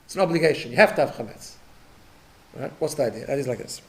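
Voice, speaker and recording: A man's voice: mid-range voice, lively intonation, fast talker, a bit bright, a little hiss or hum. A man, a rabbi, teaching a Torah class, explaining step by step and often checking in with his listeners. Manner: repeats words when restarting.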